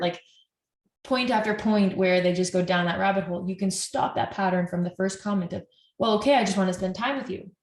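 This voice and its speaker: A woman's voice: medium pitch, reverberant. A woman couples therapist earnestly explaining at length to camera, often restarting her sentences.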